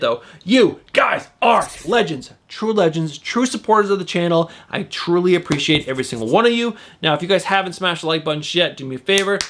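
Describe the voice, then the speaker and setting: A man in his forties, host of a comic book channel, chatting eagerly to viewers from a warm room at home. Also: high voice. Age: 40s. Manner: enthusiastic and chatty, addressing viewers directly. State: sweating from the heat. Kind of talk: casual video chat. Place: home room with windows open.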